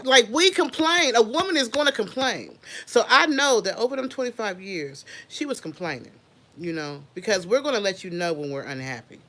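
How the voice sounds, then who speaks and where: Sex: woman. Role: livestream host. Style: unscripted casual chat. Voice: bright, forceful. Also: on the high side, brisk. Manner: animated, chatty, addresses viewers directly.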